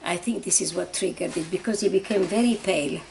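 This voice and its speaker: An older woman from Egypt recounting her life in an interview, with halting, word-searching, emotionally intense storytelling. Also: on the low side, gravelly, darkish tone, a little hiss or hum.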